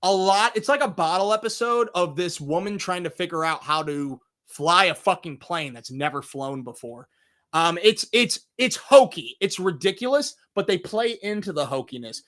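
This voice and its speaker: A man hosting a live movie review countdown in a casual, excitable way, with loud bursts and quick low asides. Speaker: movie review show host.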